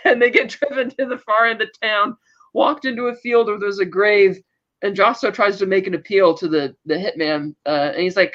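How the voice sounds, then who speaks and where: A woman's voice: medium pitch, brisk. Woman recapping in a dull lo-fi call. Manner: animated retelling that acts out quoted lines, with laughs. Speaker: podcast co-host. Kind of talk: casual recap chat. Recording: dull lo-fi sound.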